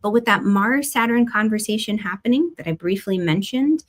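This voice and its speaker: A woman's voice: mid-range voice, expressive, moderate pace. A woman hosting a live astrology and spiritual guidance stream, chatty, laughing often and greeting viewers by name. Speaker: astrology host. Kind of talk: livestream spiritual guidance talk.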